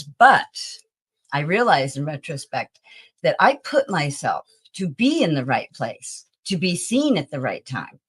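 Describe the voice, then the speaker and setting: A woman in her sixties, a talent agency founder, telling lively stories from her career as an interview guest. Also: on the low side, slightly rough. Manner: animated storyteller who acts out the people in her stories. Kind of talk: anecdotal interview storytelling.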